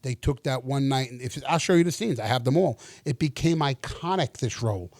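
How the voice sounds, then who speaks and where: A middle-aged actor telling stories in a casual interview, animated, acting out the dialogue and swearing freely. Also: male voice, mid-range voice, fairly quick, dry recording.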